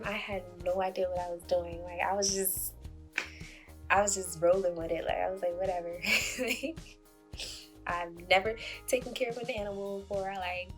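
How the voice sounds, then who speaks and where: Young woman vlogger, casual animated storytelling, mid-pitched, light music under. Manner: chatty, laughing, acts out quotes.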